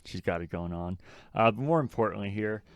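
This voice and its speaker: Man, casual podcast co-host, blunt, swears a lot, lowish voice, smooth, dry sound. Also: expressive, fairly quick, no room sound. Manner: blunt, swears freely, quotes lines mockingly. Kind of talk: casual chat.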